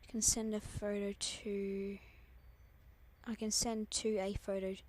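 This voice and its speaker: A woman's voice: medium pitch, flat delivery, slow pace, a little mellow. A Scottish woman hosting a live planespotting stream, rambling chattily and often dropping to a half-whisper. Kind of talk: casual live-stream chat.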